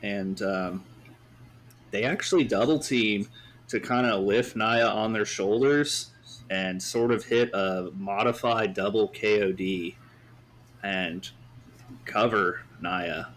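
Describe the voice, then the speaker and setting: A man with a slightly low voice hosts a podcast, casually recapping wrestling matches. He rambles and fills his talk with hesitations and hedges. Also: slow, pauses often, fairly bright tone, a little hiss or hum. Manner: rambling, with many fillers and hedges. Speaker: podcast host.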